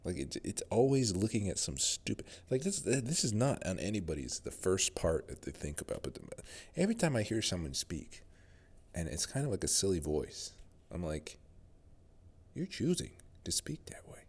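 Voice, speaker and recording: A man's voice: low-pitched, big pitch swings, normal speed, a little mellow, breathy edge. A man with a General American accent, rambling through a casual solo monologue as a podcast host. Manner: rambling, musing, many fillers and restarts.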